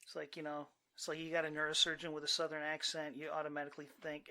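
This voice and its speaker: A man's voice: fairly high pitch, completely flat delivery, fast, bright, forceful tone. A man co-hosting a podcast, chatting casually and jokingly with his spouse in a wry, rambling way. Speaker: podcast co-host.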